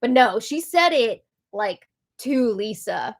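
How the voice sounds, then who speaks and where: A woman's voice: on the high side, sing-song, slow, vocal fry. A woman hosting a casual live recap of a reality show, talking in a chatty way with frequent "like".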